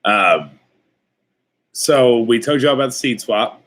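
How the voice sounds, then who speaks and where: A man's voice: mid-range voice, lively intonation, measured pace, fairly bright tone. A man co-hosting a casual homestead livestream, easygoing and folksy. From Kentucky. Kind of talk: casual live chat.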